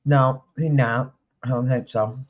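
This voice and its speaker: Slow, hesitant livestream co-host. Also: medium pitch, steady tone, muffled recording. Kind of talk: casual live panel chat.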